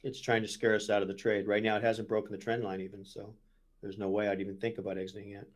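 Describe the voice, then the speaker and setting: A man with a low voice joins a live trading stream as a guest. He talks in an easygoing, casual way and gives short, agreeable replies. Now and then he adds his own brief view of the trade. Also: little pitch movement, fast talker.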